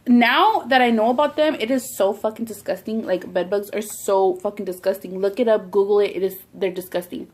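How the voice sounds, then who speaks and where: A woman with a slightly high voice tells a story straight to camera like a vlogger. She wanders and rambles, filling her sentences with "like" and casual swearing. It feels loose and unscripted. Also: darkish tone. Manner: rambling, heavy use of "like" and swearing. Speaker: mukbang vlogger.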